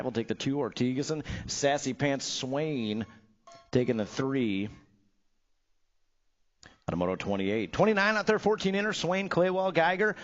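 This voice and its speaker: Upbeat male race announcer, lo-fi sound. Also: fairly high pitch. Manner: upbeat, hypes riders with nicknames and jokes. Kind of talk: live race commentary.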